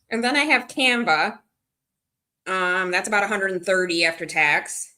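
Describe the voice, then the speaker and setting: At a measured pace, a woman livestreamer chats casually with viewers, moving between stories and replies to comments. Her mid-range voice sounds pushed and bright.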